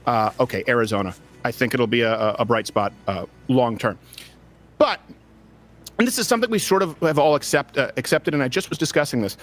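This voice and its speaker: A man who is a comedian, hosting a joking panel discussion with quick asides. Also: medium pitch. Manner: animated, wisecracking, quick asides. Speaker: host. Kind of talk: joking election-night panel talk.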